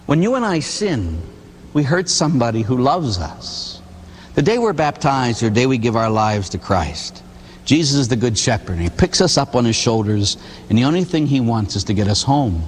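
A middle-aged man from Pittsburgh, a Catholic priest giving a humorous storytelling sermon, animated and theatrical. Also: medium pitch, normal speed. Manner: animated, theatrical, acts out voices. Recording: long hall reverb.

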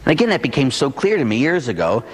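A Catholic priest with a Pittsburgh accent preaching a sermon in a conversational way, with tag questions and humor. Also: male voice, mid-range voice, wildly swooping pitch, fast talker, in a large hall. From Pittsburgh, USA.

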